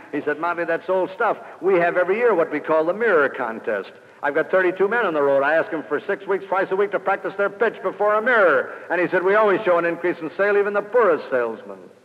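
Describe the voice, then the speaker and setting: A middle-aged man gives a story-driven speech to a room full of salespeople, firing off sharp rhetorical questions. The recording sounds dull and dated, like an old radio broadcast. His voice carries a long hall reverb. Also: on the high side, lively intonation, fast, few pauses. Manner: emphatic, punchy rhetorical questions. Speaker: sales speaker. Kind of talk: anecdotal speech to an audience.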